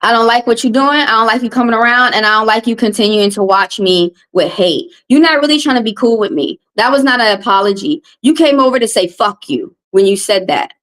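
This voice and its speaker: A woman tarot reader from the American South, hosting a live stream and venting at her chat. Her voice sits slightly high, and she is upset and confrontational and circles back over the same points. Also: a little fast, few pauses, fairly bright tone. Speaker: tarot reader and livestream host. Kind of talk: heated live-stream rant.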